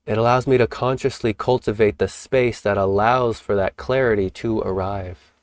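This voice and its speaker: A man hosting a spiritual teaching talk, speaking in a calm, reflective way and sometimes acting out playful examples. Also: on the low side, normal speed, dry recording. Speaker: host.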